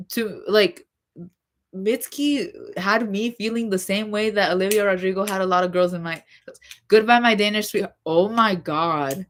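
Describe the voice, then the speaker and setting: A young woman hosting a casual livestream, chatting in a rambling, expressive way with lots of fillers. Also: on the low side. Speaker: livestream host.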